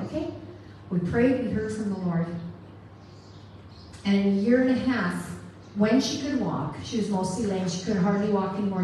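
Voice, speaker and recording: A woman's voice: medium pitch, dark tone, a little hiss or hum. A middle-aged woman giving a sermon with a personal testimony, telling her story earnestly and acting out the voices she quotes. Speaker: guest speaker. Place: church hall. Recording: roomy live-stream from far off.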